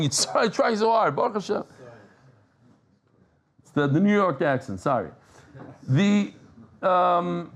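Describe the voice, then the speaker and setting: A man teaching a live Talmud class in a casual, animated way, joking with the room and restarting his sentences as he explains. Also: on the high side.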